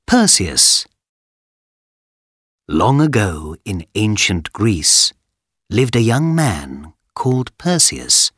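A man narrates a scripted story for a language coursebook in a clear, deliberate way. His voice is low and his intonation lively, at a slow, careful pace. The recording is close and dry. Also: no room sound.

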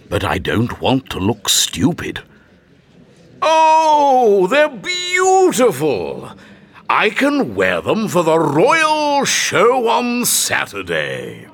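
An actor playing a vain king who loves clothes, in slow, exaggerated story acting with a noisy backdrop. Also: high-pitched, gravelly, a bit bright, husky, full character voice. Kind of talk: graded-reader story acting.

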